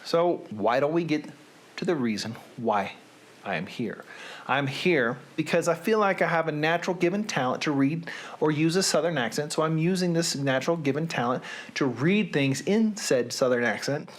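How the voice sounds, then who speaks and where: A man's voice: fairly high pitch, lively intonation, moderate pace. A man hosting his own small web series, talking in a chatty, wry way with dry asides and frequent self-corrections. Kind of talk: casual rambling monologue to camera.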